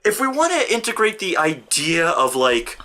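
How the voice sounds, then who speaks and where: Casting: energetic male co-host, high bright voice, swears, acts out the scenes he retells. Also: moderate pace. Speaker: co-host of a movie review show. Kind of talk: casual movie review banter.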